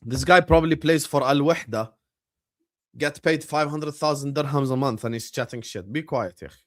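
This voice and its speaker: A young man hosting a live football watchalong, chatting casually with his viewers and shouting at big moments of the match. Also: a little high, normal speed. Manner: animated, bursts into loud shouts at match moments, banters with chat. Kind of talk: casual live-stream chat and match commentary.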